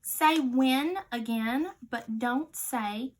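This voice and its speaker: A woman teaching children a phonics lesson, giving slow, clear, patient instructions and dropping to a quiet voice for the answers. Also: sits high.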